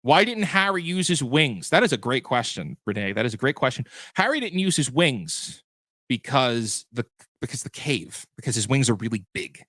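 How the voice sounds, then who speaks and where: Male game master hosting a livestream recap; bright, forward voice, loose and chatty with frequent restarts. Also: mid-range voice, big pitch swings, moderate pace, dry recording. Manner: chatty, self-correcting, answers viewer questions. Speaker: game master and show host. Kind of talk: livestream post-show chat.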